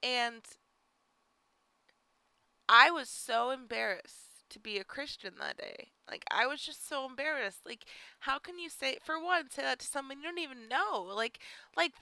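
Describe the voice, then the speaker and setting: A young woman talks through a personal story in a loose, chatty way, leaning on "like" and "you know." Her voice is bright and smooth. The sound is dry and close. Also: high-pitched, unhurried, no room sound, low-quality recording. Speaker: podcast host.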